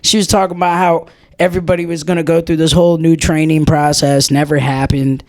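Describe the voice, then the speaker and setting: A man's voice: fairly high pitch, flat delivery, fairly quick, darkish tone. A young man chatting on a podcast, telling blunt, profane stories from his old job. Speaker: podcast co-host. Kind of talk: casual chat.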